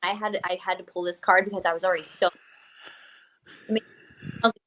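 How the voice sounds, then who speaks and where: A young adult woman chatting as a guest, telling an animated story full of "I was like" and laughs. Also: on the high side, fast talker. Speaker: guest wrestler. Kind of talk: casual chat, storytelling.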